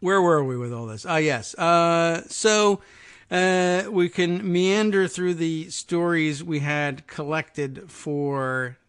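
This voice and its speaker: A man's voice: fairly high pitch, slow, a bit bright, smooth. A middle-aged man hosting a political talk radio show, musing in a wry, meandering way with frequent fillers and asides.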